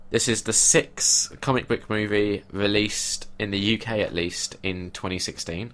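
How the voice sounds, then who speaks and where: Male podcast co-host, lowish voice, easygoing and opinionated. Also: steady tone, measured pace, fairly bright tone. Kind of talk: casual film discussion.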